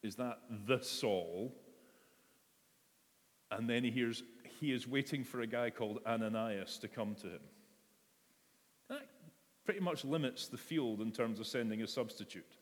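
A man's voice: medium pitch, expressive, a little slow, pauses often. Man, preacher, conversational sermon, acts out quotes, church hall reverb. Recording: long reverb of a large hall.

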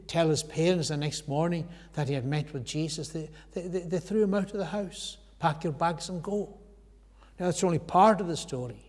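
A man preaching a sermon in a church hall, earnest, rising to loud emphasis and sinking to near whispers. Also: on the high side. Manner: earnest, swells loud then drops to a hush. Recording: long hall reverb.

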